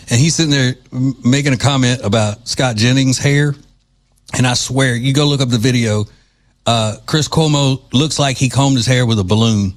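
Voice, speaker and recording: A man's voice: medium pitch, normal speed. A man hosting a podcast, giving casual opinionated commentary in a mocking, sarcastic manner. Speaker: podcast host.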